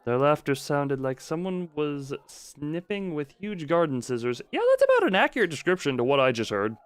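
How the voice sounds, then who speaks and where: A man's voice: a little high, wildly swooping pitch, normal speed, clear, resonant tone, no echo. Joking streamer man reading game text. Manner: reads game text aloud, breaking off for joking asides. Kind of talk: live gameplay stream, reading a visual novel aloud.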